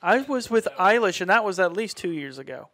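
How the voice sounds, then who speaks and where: A man telling stories in casual chat, acting out quotes with loud exclamations. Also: high-pitched, very animated, a little fast. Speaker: podcast guest.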